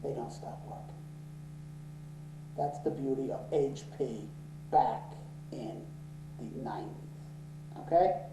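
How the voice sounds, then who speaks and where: A man telling a story in an interview, swearing freely and getting worked up and loud when angry. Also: medium pitch, takes it slowly, gravelly, long pauses, background noise. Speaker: interviewee, office owner. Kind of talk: profane, animated storytelling in an interview. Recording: roomy echo.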